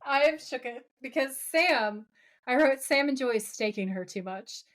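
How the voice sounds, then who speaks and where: A woman's voice: high-pitched, expressive, unhurried, fairly bright tone. A woman co-hosting a podcast, chatting casually and gushing as she retells a TV episode. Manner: gushing, retells scenes with acted quotes. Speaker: podcast co-host. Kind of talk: casual chat recapping a TV episode.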